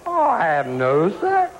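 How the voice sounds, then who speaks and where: A man's voice: on the high side, wildly swooping pitch, unhurried, creaky, a little hiss or hum, rough recording. A man hosting a game show, bantering and punning with contestants in a television studio. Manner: joking, teasing contestants with puns. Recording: loud studio audience and ambience.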